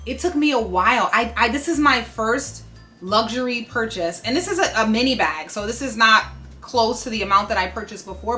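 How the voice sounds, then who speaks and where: A woman, telling a story to the camera in an animated, indignant way and repeating herself for emphasis. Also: medium pitch. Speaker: fashion vlogger.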